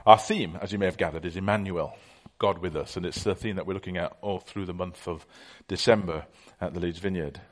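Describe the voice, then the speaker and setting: Chatty middle-aged preacher. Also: male voice, sits low, fairly quick, few pauses. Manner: anecdotal, conversational with many fillers. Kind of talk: sermon.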